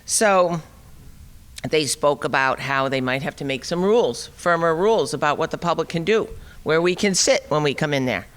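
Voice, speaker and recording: A woman's voice: low-pitched, normal speed. Woman telling a wry story in a hall. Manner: animated, wry storyteller acting out dialogue. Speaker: speaker at a liberty forum. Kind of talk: storytelling talk. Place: conference hall. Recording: long reverb of a hall.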